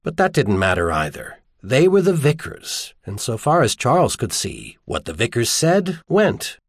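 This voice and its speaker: A man narrating a novel as an audiobook in an expressive storytelling manner. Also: mid-range voice, moderate pace, breathy edge, no room sound, studio quality. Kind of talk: scripted narration.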